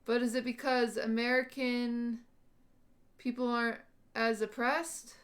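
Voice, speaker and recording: A woman's voice: a little high, little pitch movement, a little slow. A woman hosting a livestream, thinking aloud to her chat in a casual, questioning and unsure way. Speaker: livestream host.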